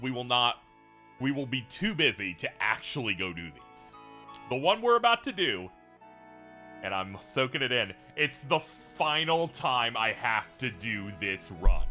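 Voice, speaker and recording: Lively, sharp-voiced gaming commentator man. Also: medium pitch. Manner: animated, profane, laughing asides. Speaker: let's play host. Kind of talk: video game commentary.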